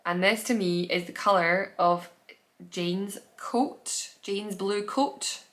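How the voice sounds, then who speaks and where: A woman's voice: medium pitch, steady tone, takes it slowly, a bit bright. A woman hosting her own podcast, chatting casually on camera at home with gushing enthusiasm and lots of trailing restarts. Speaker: podcast host. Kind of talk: casual chat.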